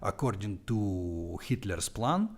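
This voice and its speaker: A young man with a Russian accent chats informally on his live stream, dropping in Russian words. His voice is fairly low, sing-song, and slow.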